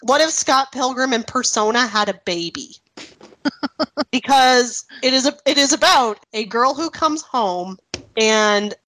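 A lively woman with a Canadian accent, chatting casually as a podcast co-host. Her voice sits a little high. She laughs often and slips into little acted-out quotes as she talks. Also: a little slow, low-quality recording. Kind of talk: casual chat.

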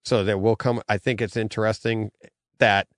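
Animated laughing male podcast host. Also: fairly low pitch, normal speed, dry recording, studio quality. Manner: animated, laughs often, trails off into fillers. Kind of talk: casual chat.

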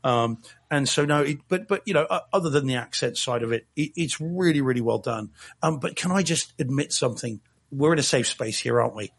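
A man's voice: medium pitch, a little fast, creaky, husky. A man in casual podcast chat, rambling and self-correcting with a wry tone as he reviews a film. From not from Boston.

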